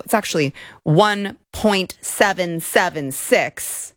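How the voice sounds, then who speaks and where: A woman's voice: low voice, no room sound, studio quality. Sarcastic woman hosting political talk. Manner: sarcastic, mocking impressions of opponents. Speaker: talk show host. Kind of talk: political talk show commentary.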